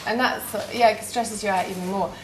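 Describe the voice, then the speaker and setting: A middle-aged English woman telling stories in casual, animated chat with other housemates. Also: medium pitch, fairly quick, background noise. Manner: chatty, animated storytelling. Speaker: reality show housemate. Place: shared house kitchen, indoors. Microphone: distant room mics. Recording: echoey room, loud kitchen clatter. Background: clattering dishes and cutlery.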